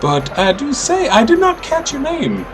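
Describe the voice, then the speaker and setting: A man's voice: very high-pitched, wildly swooping pitch, a little slow, music in the background, pitched above the performer's own voice, heavily acted, poor audio. A man voicing a chatty, hospitable cat-folk woman with a thick Southern drawl in a tabletop game. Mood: folksy. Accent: American Southern drawl, put on. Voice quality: drawling, folksy. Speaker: player. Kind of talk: tabletop role-play voice.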